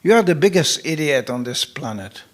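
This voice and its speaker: A man putting on a high, sing-song voice to play a fickle, exasperated wife in a comic lecture aside. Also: sing-song, normal speed. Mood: teasing.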